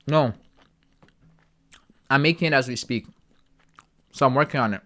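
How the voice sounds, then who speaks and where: A relaxed man from Ghana talks casually to his live-stream chat, cracking jokes and dropping slang. His voice sits at an ordinary, mid-range pitch. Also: moderate pace. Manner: laid-back, joking, talks to chat with slang. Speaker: forex trading streamer.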